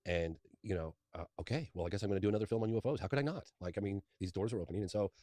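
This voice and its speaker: A man's voice: fairly low pitch, very fast, dark tone, dry recording. A man in his fifties, a documentary filmmaker, telling a long personal story as an interview guest in a rambling, eager way, often restarting his sentences. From England.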